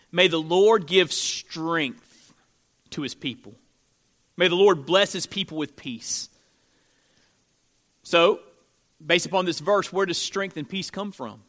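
A man preaching a sermon as pastor. He swings from loud, emphatic declarations to quiet, close-spoken lines, repeating key phrases and asking the congregation questions. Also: fairly high pitch.

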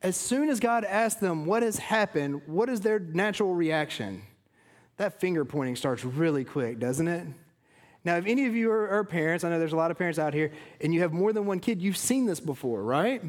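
A man in his thirties preaching a sermon to a congregation, earnest, dropping low and quiet on solemn points. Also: lively intonation, moderate pace. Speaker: pastor.

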